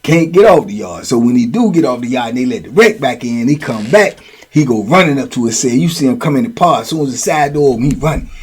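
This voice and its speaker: A middle-aged man telling prison stories in a slangy, animated way. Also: mid-range voice, fast, husky. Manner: slangy, animated, lots of "you know what I'm saying". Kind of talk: casual storytelling.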